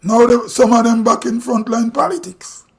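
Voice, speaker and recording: High-pitched Grenadian man ranting live. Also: fairly even intonation, moderate pace. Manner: blunt, ranting, rhetorical questions. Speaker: livestream host. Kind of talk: opinionated live commentary. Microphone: streaming mic.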